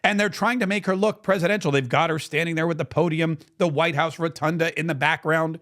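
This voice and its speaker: A man's voice: fairly high pitch, steady tone, brisk, a bit bright. A man hosting a political commentary show, telling the story with indignant sarcasm. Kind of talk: opinion commentary monologue.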